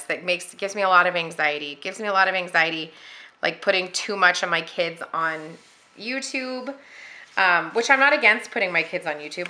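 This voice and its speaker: A woman's voice: fairly low pitch, bright, forceful tone. A woman chatting casually at home while she decorates a planner, rambling with lots of fillers. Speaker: planner vlogger.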